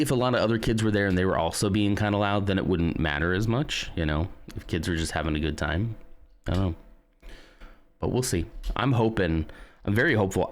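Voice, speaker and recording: A man in his thirties, a streamer chatting casually with his viewers in a rambling way. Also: low-pitched. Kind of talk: casual chat.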